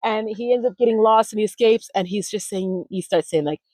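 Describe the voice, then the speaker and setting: Woman in her 40s telling stories in an interview, lively, acts out voices, middle pitch. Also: a little fast, no echo. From United States. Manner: animated, acts out quoted voices in anecdotes. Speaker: language retreat founder, interview guest. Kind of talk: conversational interview storytelling.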